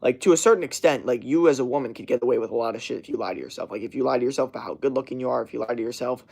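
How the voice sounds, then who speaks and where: A man's voice: mid-range voice, rapid-fire, vocal fry, a little mellow, slightly rough. A young man streaming a casual rant to his chat, swearing constantly and rambling with many fillers and restarts.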